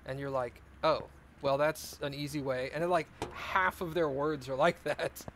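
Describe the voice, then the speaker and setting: A man's voice: a little high, fairly even intonation, normal speed, a bit bright, a little hiss or hum. A man streaming a car repair game, chatting casually and joking with his viewers in a rambling way. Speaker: let's play streamer. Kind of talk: casual gameplay chat.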